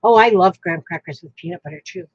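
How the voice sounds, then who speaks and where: A woman's voice: on the low side, fast, slightly rough, no room sound, highs cut off. A woman from Florida who chats casually while crafting on a livestream and reads out viewer comments. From Florida, United States.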